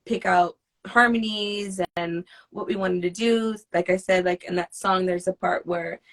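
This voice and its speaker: A young woman, a singer, chatting casually in an interview and acting out the people she quotes. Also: a little slow. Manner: animated, acts out quoted phone calls with high excited voices. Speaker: guest singer.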